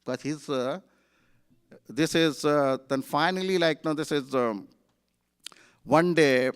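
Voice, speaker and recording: A man's voice: a little high, takes it slowly, smooth. A man telling a sermon story at a temple, in a conversational way full of fillers. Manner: conversational, many fillers, animated retelling. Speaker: temple speaker. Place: temple hall.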